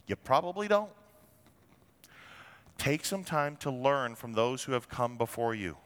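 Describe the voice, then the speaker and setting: Animated, bright-voiced male preacher in a hall. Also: medium pitch, unhurried, smooth. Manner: lively, wry and blunt preaching with rhetorical asides. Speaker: pastor. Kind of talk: sermon.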